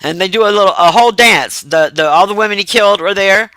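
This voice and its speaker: A man's voice: high-pitched, quick pace, bright, forceful tone, no echo, poor audio. A man casually recapping a film plot in a rambling, profane way with frequent laughter. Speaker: movie reviewer.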